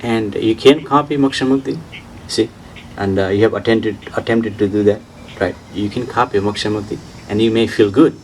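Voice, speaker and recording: Man, spiritual teacher, low voice, insistent repetition, broken English, faint background hiss. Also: fairly even intonation, normal speed, hardly any pauses, distant mic, poor audio. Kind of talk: informal outdoor talk answering questions.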